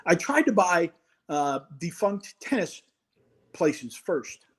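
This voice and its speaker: A middle-aged man, a former college football head coach, telling an animated story in a casual interview and acting out the voices in it. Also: high-pitched, takes it slowly, husky.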